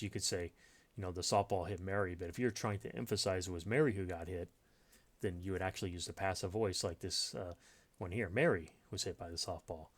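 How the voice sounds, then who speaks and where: Low-voiced man teaching grammar. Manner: unscripted, thinking aloud with many fillers and restarts. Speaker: writing teacher. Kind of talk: explaining grammar in a recorded lesson.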